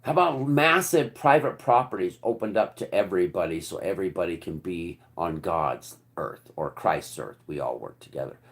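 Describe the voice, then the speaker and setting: A man delivering a rambling, preachy monologue in casual, sometimes profane speech, with sudden loud outbursts that drop back to low murmurs. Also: lively intonation, normal speed, few pauses. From United States. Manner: casual, swears. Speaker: channel host. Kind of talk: impassioned monologue.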